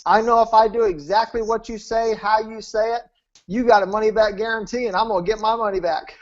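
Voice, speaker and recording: A stubborn, skeptical woman nurse who refuses to be convinced, quoted by a man in his own voice. She sounds flat and dismissive. The audio is dull and lo-fi. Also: high-pitched, a little fast, close to an everyday voice.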